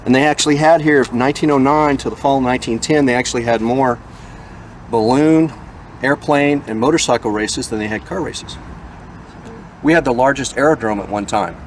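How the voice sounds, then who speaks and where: A man's voice: medium pitch, a little fast, a little hiss or hum. An older American man guiding visitors around a racetrack, telling stories in a joking, chatty way. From United States. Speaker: racetrack guide. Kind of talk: casual storytelling tour. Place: outdoors at a racetrack.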